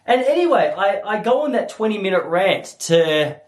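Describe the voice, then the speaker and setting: With a high, sing-song voice at a moderate pace, a young Australian man hosts a podcast and spins a funny story for his listeners. He swears freely throughout this comedic monologue.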